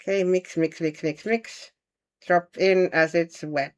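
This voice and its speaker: A woman's voice: fairly low pitch, steady tone, unhurried, a little mellow, dull audio. Chatty woman painting on a livestream. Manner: chatty, thinks aloud, answers viewer comments. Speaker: livestream host. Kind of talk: casual livestream chat while painting.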